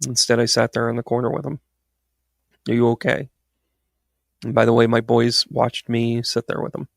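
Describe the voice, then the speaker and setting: Gravelly man telling a rambling story. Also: mid-range voice, flat delivery, a little fast, dry recording, studio quality. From United States. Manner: rambling and digressive, restarts, laughs at his own story. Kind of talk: casual storytelling monologue.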